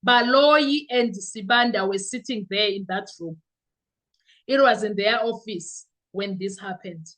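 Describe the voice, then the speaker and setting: A woman hosting her own podcast, commenting on a court case in a lively, exclaiming way. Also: mid-range voice, a little slow. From South Africa. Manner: animated, exclaiming, mixing in isiXhosa/Zulu words. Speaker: podcast host. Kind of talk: casual commentary.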